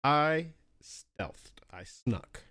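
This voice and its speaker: A man co-hosting a casual podcast, telling gaming stories with lots of swearing and excited squeaky voices for his asides. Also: extremely slow. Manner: animated storytelling, swears freely, jumps up in pitch for quoted asides. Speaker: podcast co-host.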